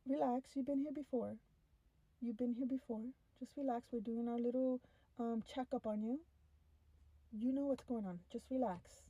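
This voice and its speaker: A woman voicing a calm male alien abductor who gives soft, flat, soothing commands. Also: fairly high pitch, moderate pace, highs cut off.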